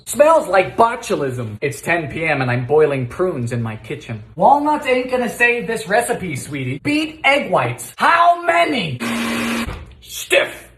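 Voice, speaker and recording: A man hosting a comedic cooking video, trading deadpan sarcastic one-liners and sudden shouted calls of ingredients in his home kitchen. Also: high-pitched, echoey room. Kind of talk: comedic vintage-recipe cooking vlog.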